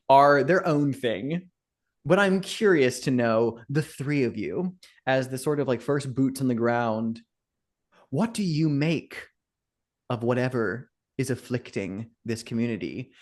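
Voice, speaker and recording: A man's voice: medium pitch, darkish tone. A man running a tabletop game as game master, talking through scenes in a loose, filler-filled way. He sounds like he is playing with friends. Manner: loose, filler-heavy narration.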